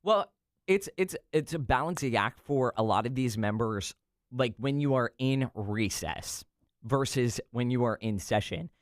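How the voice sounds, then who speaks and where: A man speaking as a political guest on a talk radio show, wry and measured, with some fillers. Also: medium pitch, animated, dry recording, clean studio sound. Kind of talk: casual radio interview.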